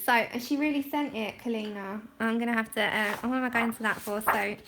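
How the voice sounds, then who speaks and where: A woman with a slightly high voice chats casually to her viewers while colouring. She laughs often and pokes fun at herself as she explains her steps. She speaks into a phone mic at her desk at home. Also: fairly even intonation, a little fast, a bit bright, slight background noise. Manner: giggly, laughs often, chatty and self-deprecating. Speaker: livestream host.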